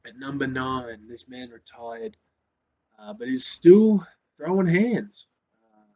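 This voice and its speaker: A man hosting a casual sports rant, swearing often and growing loud and worked up. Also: medium pitch. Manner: swears a lot, gets loud and fired up. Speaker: host. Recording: slightly dull lo-fi sound.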